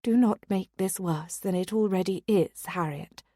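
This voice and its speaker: A woman reading a proper, reproving mother who speaks softly and firmly in an audiobook. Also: medium pitch, animated, a little slow, no echo. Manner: soft and firm.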